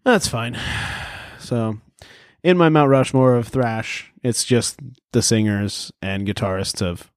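A man's voice: medium pitch, slow, clear, resonant tone, dry recording, studio quality. A man hosting a podcast in casual chat, joking around and swearing a lot. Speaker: podcast host. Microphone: podcast microphone.

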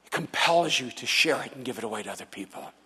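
A man preaching a sermon as pastor, telling stories with animation and turning soft and earnest for his appeals. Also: fast, breathy edge. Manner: animated storytelling, acts out quoted people in a higher voice. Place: large church hall. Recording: long hall reverb.

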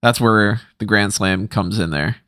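A man's voice: on the low side, unhurried, a bit bright, smooth, dry recording, clean studio sound. A man co-hosting a casual wrestling chat, wry and laid-back, laughing often. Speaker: podcast co-host.

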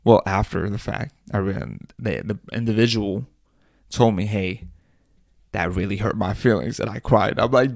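A man's voice: on the low side, moderate pace, vocal fry, long pauses, darkish tone, dry recording, studio quality. A young man hosting a solo podcast, rambling and crude, laughing at his own jokes. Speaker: podcast host. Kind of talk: casual solo podcast rant.

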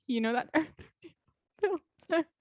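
Young woman, casual chat, blunt, giggly, higher voice, dry close sound. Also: animated, moderate pace, darkish tone, no echo. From French background.

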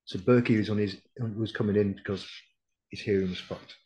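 Blunt, sweary veteran man, low voice. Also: steady tone, a little fast, mellow, poor audio. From United Kingdom. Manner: blunt, sweary, quotes others as he tells it. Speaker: podcast guest, decorated RAF Regiment veteran. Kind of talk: casual storytelling interview.

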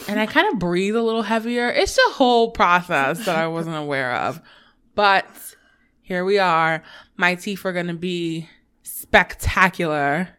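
New woman co-host, slightly low voice, faint lisp from braces, laughs a lot while telling stories. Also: clear, resonant tone. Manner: laughs often, animated storytelling. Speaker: podcast co-host. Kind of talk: casual chat.

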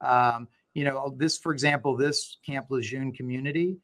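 A middle-aged man, a law firm owner, talking as an interview guest and telling stories with animated, acted-out dialogue. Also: medium pitch, moderate pace. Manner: animated storyteller, acts out quoted dialogue. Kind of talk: conversational interview.

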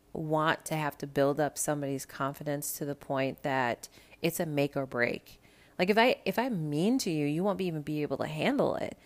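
A woman from the American Midwest hosting a podcast, chatting casually about pop culture with lots of swearing and sudden loud rants. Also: low voice. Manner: profane, animated, swings to loud rants. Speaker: podcast host.

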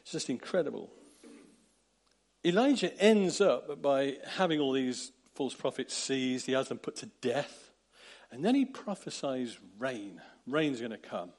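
A man preaching a sermon, retelling a story with lively, animated delivery and acted-out quotes. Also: medium pitch, unhurried. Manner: animated, acts out quotes with sudden loud bursts.

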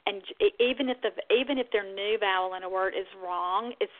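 A woman talks through techniques for helping toddlers speak, in a calm, explanatory instructional podcast manner. Her voice sits at an ordinary middle pitch. The sound is thin and tinny, like a phone line. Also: brisk. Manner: explains steadily, then bursts into high sing-song demonstration sounds. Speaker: speech-language pathologist host.

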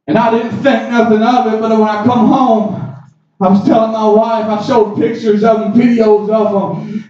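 A man preaching a sermon in an impassioned, shouting style, often breaking in with "amen.". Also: extremely high pitch. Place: church. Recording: echoey, distant, muffled hall mic.

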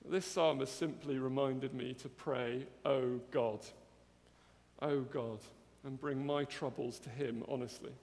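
A man's voice: medium pitch, steady tone, slow pace, darkish tone. A man preaching a sermon in an earnest way, often asking his listeners questions like "isn't it?". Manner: earnest, with tag questions to the congregation. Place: church hall. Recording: long church-hall reverb.

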